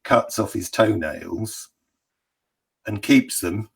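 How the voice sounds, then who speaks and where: A man's voice: lowish voice, gravelly, husky. A man co-hosting an online chat, talking hesitantly with many halts. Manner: hesitant, halting, restarts often. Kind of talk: casual chat. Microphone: online video call.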